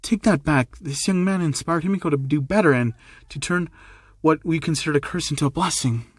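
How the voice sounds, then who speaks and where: A man's voice: fairly high pitch, brisk, breathy edge, no room sound. A man voicing a firm, protective middle-aged mother who speaks sternly, in a dry-sounding recording. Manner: stern, commanding.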